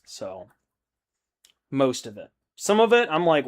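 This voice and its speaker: A man's voice: medium pitch, huge pitch swings, slow pace. A man in his thirties hosting a hobby stream, chatting casually and reading out viewer comments, rambling and swearing freely. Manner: laid-back, rambling, swears a lot.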